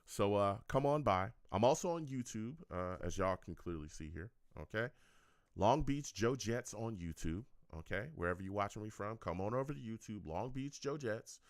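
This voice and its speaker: A low-pitched man hosts his own fan sports show, and his voice swings widely up and down as he talks. He keeps asking his listeners "okay?" and "all right?" and keeps the tone joking and animated. The sound is close and dry, with little room in it. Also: normal speed, no echo. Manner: animated, repeats himself, tags lines with "okay?" and "all right?"; joking and laughing at his chat. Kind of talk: casual call-in show wrap-up.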